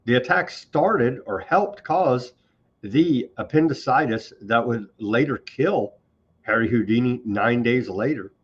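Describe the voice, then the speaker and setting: Male host, medium pitch, biting sarcasm, muffled lo-fi recording. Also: measured pace, husky. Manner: sarcastic, mocking, scornful of government. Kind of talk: sarcastic on-this-day news commentary.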